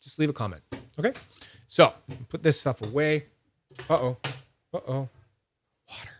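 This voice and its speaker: A man hosting a fidget toy channel, chatting casually and excitably, rambling, teasing himself and greeting viewers by name. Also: medium pitch, normal speed, a little hiss or hum. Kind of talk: casual rambling livestream-style review.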